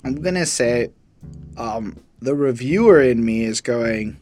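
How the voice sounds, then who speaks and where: A man's voice: mid-range voice, measured pace, soft background music. A man co-hosting an album review, casual and blunt, swearing freely. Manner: blunt, profane, animated.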